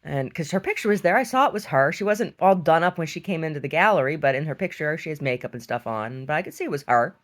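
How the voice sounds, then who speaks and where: Speaking fast with hardly any pauses in a low voice, a gallery-owning artist recounts a story in a casual, sardonic, animated way. She plays out each of the characters as she goes.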